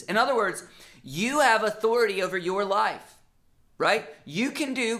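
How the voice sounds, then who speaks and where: A pastor with a medium-pitched voice preaches a sermon in an animated, conversational style, acting out quotes as he goes.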